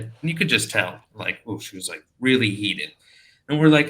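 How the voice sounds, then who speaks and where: A man's voice: lowish voice, a little fast. A man from Brazil, a podcast guest, telling stories animatedly with lots of swearing. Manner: animated storyteller, swears a lot, acts out quotes. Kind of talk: casual chat.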